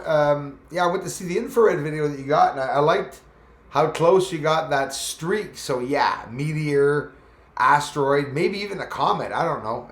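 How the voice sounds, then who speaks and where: A man hosting a casual live stream, chatting loosely and greeting viewers by name as their comments come in. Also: a little high. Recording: echoey room.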